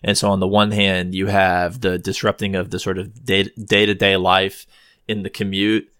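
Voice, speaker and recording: Rambly podcast host guy, lots of ums, lowish voice, dry close mic. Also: flat delivery, moderate pace, fairly bright tone, smooth, no echo. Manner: rambling, hesitant, full of ums and restarts. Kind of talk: casual chat.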